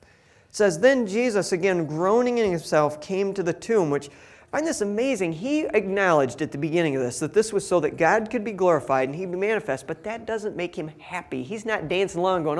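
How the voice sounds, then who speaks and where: A man's voice: high-pitched, animated, moderate pace. A man reading a Bible passage aloud and explaining it in a casual, conversational way, acting out the quoted lines in different voices. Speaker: Bible teacher. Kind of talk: scripture reading with casual commentary.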